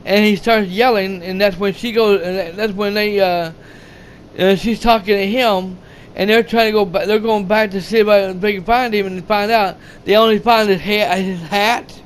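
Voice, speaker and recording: High-voiced man rambling through a movie plot. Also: fairly even intonation, moderate pace, a little hiss or hum. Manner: rambling, repetitive plot retelling with many "you know"s. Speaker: channel host reviewing a movie. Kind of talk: casual movie recap.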